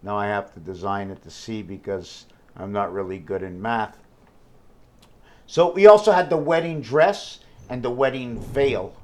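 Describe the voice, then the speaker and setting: The voice here is a man's, fairly low and measured in pace. Alone before the camera, this vlogger rambles as he thinks aloud, full of fillers and self-questions, jumping from numbers to wordplay and back.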